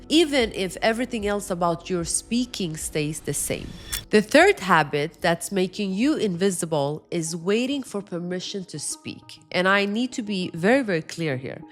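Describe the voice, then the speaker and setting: A woman coaching viewers on how to speak with authority, with a firm, emphatic delivery, demonstrating the points out loud. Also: on the low side. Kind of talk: direct-to-camera advice lesson.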